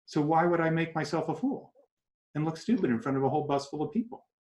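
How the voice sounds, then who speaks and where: Man, guest coach, lively storyteller who acts out quotes; slightly raised pitch, roomy echo. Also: fast. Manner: animated storyteller acting out quoted voices. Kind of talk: casual interview talk. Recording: echoey room.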